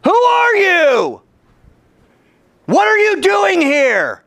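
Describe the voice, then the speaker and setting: A man voicing a gruff Roman sentry shouting down from a wall in a booming voice. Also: slow, heavily acted. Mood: challenging.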